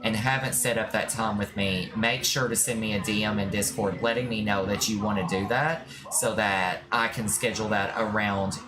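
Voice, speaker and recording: A streamer in casual live-stream chat, giving tarot readings and talking to viewers in a warm, reassuring way. The voice sits at a middle pitch, and clear music plays underneath the whole time. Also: fairly even intonation, moderate pace, few pauses. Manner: affectionate, reassuring, calls viewers "my love".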